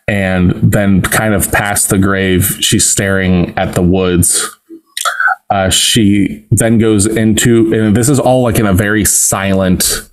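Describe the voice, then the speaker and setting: Low-pitched male co-host walking through a film scene by scene, loose and casual. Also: low-quality recording. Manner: recounts plot step by step with fillers. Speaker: podcast co-host. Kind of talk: casual film recap chat.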